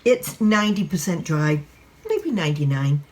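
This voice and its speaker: A woman in her sixties from New England telling stories in a casual home vlog, excitable and quick to laugh. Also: low-pitched. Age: 60s. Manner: excitable, laughs often, acts out voices in stories. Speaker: vlogger. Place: at home, drying her hair.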